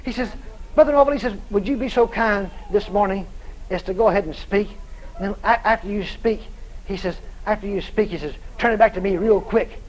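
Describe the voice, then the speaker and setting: A man preaching, telling a story with lively dialogue and loud shouted prayers. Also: sits high, brisk, slight background noise, rough recording. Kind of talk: sermon storytelling.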